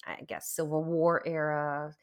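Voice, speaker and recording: A woman from Louisiana, co-hosting a casual chat about a video game, telling stories in an animated way and laughing often. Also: low-pitched, measured pace. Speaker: podcast co-host.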